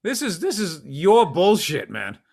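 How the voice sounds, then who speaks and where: A man's voice: high-pitched, huge pitch swings, a little slow, gravelly, a little mellow. A middle-aged man co-hosting a podcast, talking in a blunt, profane, riffing way. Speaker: podcast co-host. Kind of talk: casual chat.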